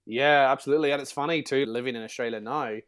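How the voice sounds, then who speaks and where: A man's voice: medium pitch, steady tone, fast talker, a bit bright, smooth. A man, telling stories as a guest in a casual interview, chatty and full of restarts. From Northern Ireland. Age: 30s.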